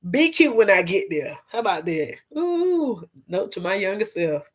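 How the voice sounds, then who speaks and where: A woman hosting a casual gossip vlog, animated and profane, laughing and talking straight to her viewers. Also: medium pitch, moderate pace, slightly rough. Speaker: vlog host.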